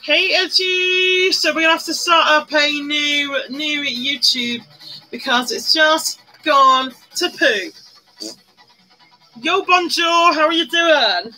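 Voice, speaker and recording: Speaking slowly in a high, bright, pushed voice, a woman does her makeup live and chats casually, welcoming viewers by name and now and then singing a little. Soft music plays behind her, and the recording is rough.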